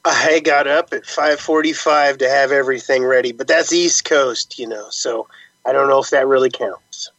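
A man's voice: medium pitch, normal speed, fairly bright tone, no room sound, dull audio. A man guest on a podcast, chatting casually in an easygoing way and laughing at himself. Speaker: recruiting expert guest. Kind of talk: casual chat.

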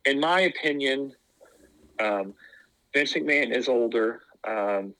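A man's voice: medium pitch, takes it slowly, pushed and bright, dry recording, rough recording. A man chatting casually as a podcast co-host, rambling with lots of fillers and restarts. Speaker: podcast co-host, former wrestling tryout. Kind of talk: casual chat.

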